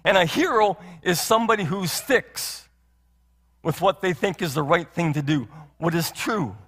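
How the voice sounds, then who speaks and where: High-voiced male pastor preaching. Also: expressive, moderate pace, fairly bright tone. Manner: earnest, repeats phrases and asks rhetorical questions. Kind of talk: sermon. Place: church sanctuary. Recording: long hall reverb.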